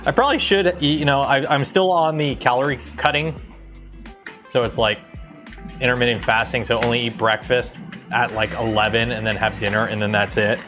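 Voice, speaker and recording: A man's voice: mid-range voice, steady tone, normal speed, fairly bright tone, faint music behind. Casual rambling livestream host, man. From Canada. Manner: rambling, lots of ums and self-corrections.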